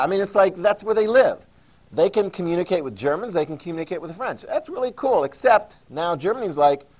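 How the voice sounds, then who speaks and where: A man teaching a history class, animated and jokey, acting out quoted voices. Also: on the high side. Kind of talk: classroom lecture.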